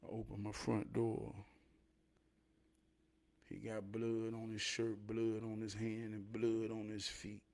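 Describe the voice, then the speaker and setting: A man casually telling a personal story to the camera in a slow, emphatic, conversational way. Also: fairly low pitch, completely flat delivery, a little mellow. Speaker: vlogger.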